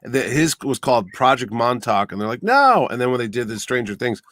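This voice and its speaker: A man on a casual podcast, telling stories in a chatty, animated way and slipping into quoted asides. His voice sits at a middle pitch and sounds dry and close, with no room around it. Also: brisk, no room sound. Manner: chatty, storytelling with acted-out quotes. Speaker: podcast co-host.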